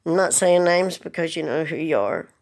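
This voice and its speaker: Holding back tears, a woman vlogger pleads to the camera in an earnest, plain-spoken emotional message. Her voice is low-pitched and darkish, at normal speed.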